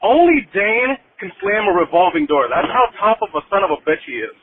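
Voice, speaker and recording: A man's voice: high-pitched, very animated, fairly quick. A man calling into a fan show from his car, talking loose and slangy. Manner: loose slangy street talk. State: driving while calling. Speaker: caller. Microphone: phone. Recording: tinny phone line with faint noise.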